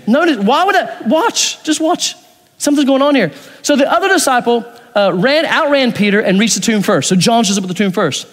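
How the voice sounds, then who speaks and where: A man's voice: very high-pitched, lively intonation, a little fast, fairly bright tone, big-room sound. A man preaching a sermon as pastor, reading scripture aloud and acting out the dialogue in changing voices. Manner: acts out dialogue with shifting voices.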